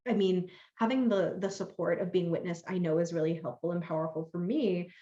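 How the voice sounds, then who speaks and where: A woman's voice: fairly low pitch, fairly quick, dark tone. A woman hosts a live-streamed conversation over a video call, enthusiastic and affirming toward her guest and the viewers. Her voice sits in a roomy space with noticeable echo. The call audio sounds dull and lo-fi. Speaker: host.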